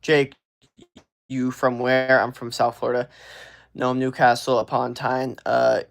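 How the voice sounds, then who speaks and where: A man in a relaxed live-stream Q&A, tossing out slangy, offhand replies as he reads viewer comments aloud. His voice sits at an ordinary middle pitch, and the talk rambles along casually. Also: measured pace, gravelly.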